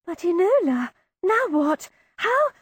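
A woman's voice: very high-pitched, big pitch swings, slow pace, dry recording, studio quality, voice pushed up, full character voice. A woman voicing a frightened young noble girl in an audiobook.

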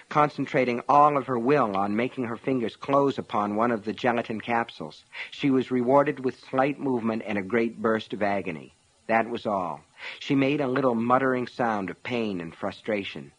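A man reading a novel aloud in a measured, dramatic narration style. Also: mid-range voice, a bit bright, breathy edge. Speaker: audiobook narrator. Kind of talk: scripted narration.

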